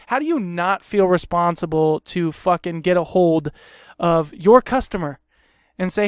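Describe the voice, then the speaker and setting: A man's voice: high voice, clean tone, no echo, studio quality. A young man hosting a podcast, ranting angrily and sarcastically with constant swearing and rambling asides. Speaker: podcast host. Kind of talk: profane ranting monologue.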